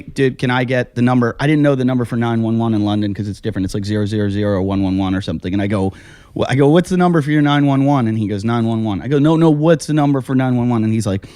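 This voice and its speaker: A man hosting a casual podcast, telling a long comic story and acting out his own yelling. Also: medium pitch, no room sound. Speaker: podcast host. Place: house.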